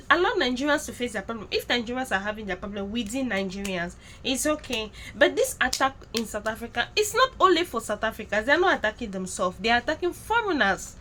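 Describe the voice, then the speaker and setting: A woman's voice: on the high side, sing-song, fast talker, hardly any pauses, a bit bright, slight background noise. A woman vlogger talking straight to her viewers, direct and scolding. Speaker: YouTube commentator. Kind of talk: vlog commentary to viewers.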